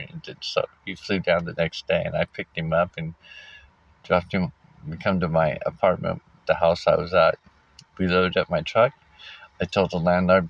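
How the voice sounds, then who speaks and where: Deep-voiced man telling his story haltingly. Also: creaky. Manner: halting, frequent fillers and restarts, wry laughs. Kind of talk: casual personal storytelling. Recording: dull lo-fi recording.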